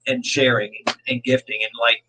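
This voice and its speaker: A man from Florida chatting as a guest on a casual podcast, animated and laughing easily as he tells stories. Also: mid-range voice, normal speed, noisy background. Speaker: co-host guest. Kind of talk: casual live-stream chat.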